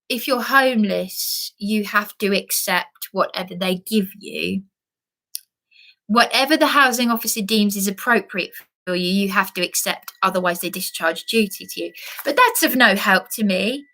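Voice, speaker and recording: A woman's voice: a little high, sharp tone. A woman delivering an agitated vlog rant, repeating and restarting herself for emphasis. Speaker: vlogger. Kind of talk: emotional monologue rant.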